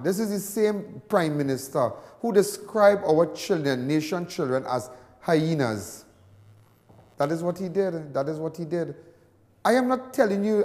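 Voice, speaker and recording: Trinidadian male host, high voice, emphatic and repetitive, in a long reverb. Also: darkish tone. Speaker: talk show host. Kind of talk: impassioned TV commentary.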